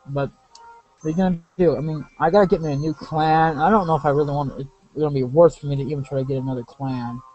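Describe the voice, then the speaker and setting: A man's voice: fairly high pitch, darkish tone, no echo, rough recording. Rambling man commentating a game. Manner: rambling, self-correcting, off-topic asides. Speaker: let's play commentator. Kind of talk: casual gameplay commentary.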